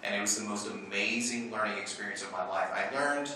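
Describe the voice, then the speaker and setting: A man with a bright, forceful voice tells animated stories at a convention panel, laughing often. He sits away from the mic, and the big room rings with echo. A faint hum runs underneath. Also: fairly low pitch, brisk. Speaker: comic artist and voice actor. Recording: echoey hall from far off.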